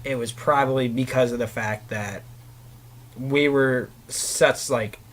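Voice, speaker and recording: A man's voice: medium pitch, steady tone, slow pace, a bit bright, a little hiss or hum. Young man rambling in casual chat. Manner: rambling, frequent "you know" fillers. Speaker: guest.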